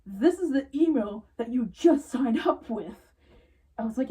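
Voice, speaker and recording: A woman's voice: on the high side, a little slow, recorded from a distance, low-quality recording. A young woman retail worker casually telling an exasperated story about rude customers. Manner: exasperated, animated retelling with quoted customers.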